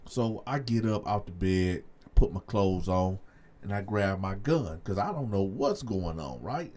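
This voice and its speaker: A man hosting a storytelling channel, telling a story to his viewers in a loose, slangy way and acting out both sides of the conversation. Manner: animated, acts out both sides of a story with raised pitch for himself; loose slangy delivery, addresses viewers as y'all.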